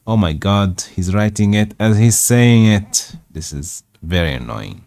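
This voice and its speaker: A man's voice: low-pitched, slow pace, creaky, darkish tone, no echo, clean studio sound. A man whose first language is Arabic, reading a novel aloud live for English practice, stopping to correct himself and add asides. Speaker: host.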